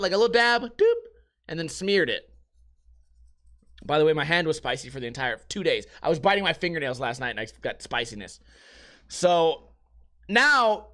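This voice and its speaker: A man's voice: high voice, fairly bright tone. A young man hosting a podcast, rambling through profane, jokey stories in casual chat. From United States. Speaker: podcast host.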